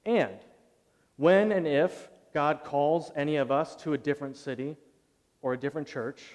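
A man preaching a sermon from the pulpit, telling a story with strong emphasis that swings between loud passages and hushed ones. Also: on the high side, moderate pace. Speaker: pastor. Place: church sanctuary. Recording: long reverb of a church hall.

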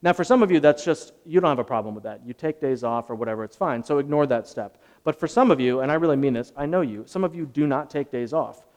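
A man preaching a sermon as pastor, earnest and conversational, swelling louder at dramatic moments. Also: mid-range voice, expressive, quick pace, hardly any pauses. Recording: long hall reverb.

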